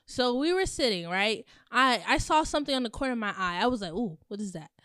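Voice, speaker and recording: A woman's voice: a little high, animated, fast talker, fairly bright tone, clean tone, no room sound, studio quality. A young woman, a resident assistant, telling her side of a story in casual podcast chat and acting out her own reactions. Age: young adult.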